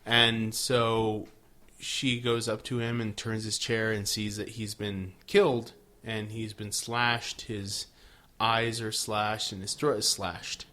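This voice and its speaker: Male podcast co-host, bright and punchy tone, loose and profane while recapping. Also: on the low side, flat delivery, takes it slowly. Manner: laid-back, swears, acts out characters' lines. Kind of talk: casual recap chat.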